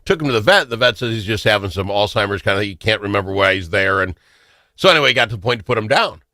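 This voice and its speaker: A man hosting a talk show, telling stories in a casual, excitable way. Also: on the low side, fast talker, no echo, clean studio sound. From Minnesota. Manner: animated, excitable storyteller. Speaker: radio talk show host. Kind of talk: casual storytelling chat.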